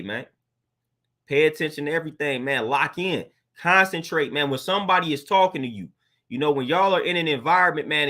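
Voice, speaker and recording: A man's voice: on the high side, sharp tone. A man giving a casual, earnest motivational talk as a coach, preaching and often calling listeners "man" and "fam".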